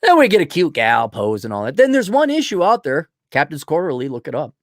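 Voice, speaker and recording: Blunt, animated man ranting on a livestream. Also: a little high, a little fast, no room sound, clean studio sound. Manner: blunt, profane, animated, frequent throat-clearing. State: losing his voice. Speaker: livestream host reading viewer donations. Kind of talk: blunt opinionated livestream rant.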